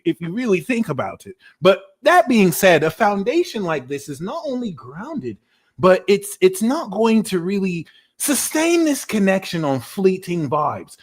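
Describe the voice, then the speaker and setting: Guy doing a put-on british accent, cheeky vain tarot reader, high voice jumping all over. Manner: playful, teasing, mock-indignant. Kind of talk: live-streamed tarot reading.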